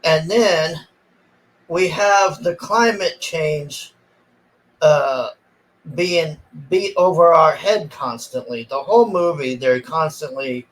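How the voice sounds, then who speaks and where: A man's voice: a little high, takes it slowly, fairly bright tone, poor audio. A man ranting casually and sarcastically about a movie he disliked, exasperated and swearing freely. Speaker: movie reviewer.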